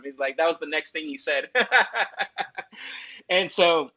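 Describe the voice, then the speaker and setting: A man's voice: on the high side, moderate pace, long pauses, sharp tone. A young man chatting casually as an interview guest, talkative and full of restarts. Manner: talkative, says "bro" a lot, many restarts. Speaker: guest, real estate salesman. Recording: dull lo-fi audio.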